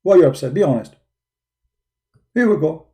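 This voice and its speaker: A man's voice: fairly high pitch, expressive, fairly quick, warm tone. A man hosting a call-in show, talking with a sarcastic, teasing manner and breaking into mocking sing-song.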